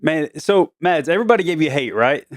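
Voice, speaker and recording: A man's voice: fairly high pitch, animated, fairly quick, dry recording. A middle-aged man hosting a casual family podcast with his daughters, playful and teasing. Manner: playful, teasing, laughs often. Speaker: podcast host, father.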